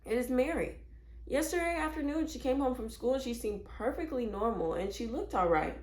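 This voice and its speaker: A woman's voice: a little high, lively intonation, fairly quick, darkish tone, echoey room, pitched above the performer's own voice. A woman voicing a prim, earnest mother who is worried about her daughter. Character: worried, proper mother of a young girl.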